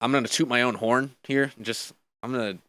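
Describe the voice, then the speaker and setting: A young man, a podcast guest, chatting casually and telling animated stories full of fillers. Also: mid-range voice, brisk, no room sound. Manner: animated storyteller, many fillers.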